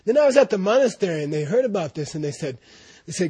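A man's voice: fairly high pitch, quick pace, dark tone, breathy edge, dry recording. A man telling a rambling personal story about his old teacher in casual talk, full of asides and restarts. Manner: rambling, full of "you know" and restarts, laughing at times. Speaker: student recounting memories of his teacher.

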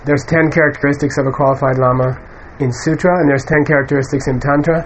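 A man with a slightly high voice talks fast in a steady tone, giving an informal dharma lecture to a class of students. His Buddhist teaching is loose and conversational, full of fillers and asides, captured as a muffled lo-fi recording in a lecture room with faint hiss.

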